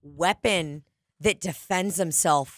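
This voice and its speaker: A woman's voice: lowish voice, slow pace, fairly bright tone, dry recording, clean studio sound. Profane rambling woman podcaster. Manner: profane, rambling storytelling with impressions. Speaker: podcast co-host. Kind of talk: casual podcast chat.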